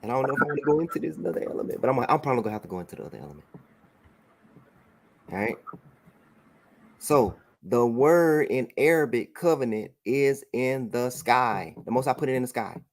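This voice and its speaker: A man's voice: medium pitch, lively intonation, fairly quick, creaky. A man teaching a religious class over a broadcast, often saying "all right" and checking that his student follows along.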